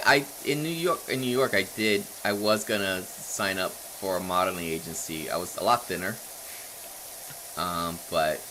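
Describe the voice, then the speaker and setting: Man, 30s, streamer; chatty and rambling, bright tone, faint game sounds behind. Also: slight background noise. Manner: rambling and chatty, laughs often, reads chat aloud; animated, jumps in pitch when excited. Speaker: livestreamer playing a game. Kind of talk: casual live stream chat.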